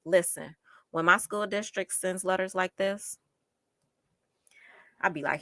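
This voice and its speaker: A woman's voice: lowish voice, steady tone, a little slow, pauses often, fairly bright tone, dry recording. A woman doing casual live-stream commentary, emphatic and exasperated, often repeating phrases for effect.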